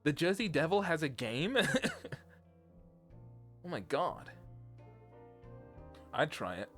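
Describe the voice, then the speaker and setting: A man's voice: on the high side, sing-song, slow, fairly bright tone, faint music behind. A young British man, a streamer, rambling through a casual chat and laughing often. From Britain.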